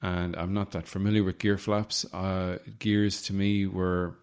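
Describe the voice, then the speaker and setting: A man hosts a casual solo podcast from his home in the city. His voice sits very low, and he rambles through deadpan jokes and asides. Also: unhurried, clear, resonant tone. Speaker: podcast host.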